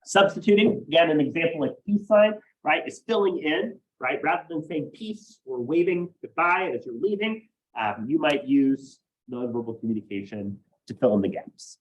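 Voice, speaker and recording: A man's voice: on the high side, moderate pace, poor audio. A man teaching a college class, explaining ideas step by step and often checking in with "right?". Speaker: college instructor. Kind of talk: classroom lecture.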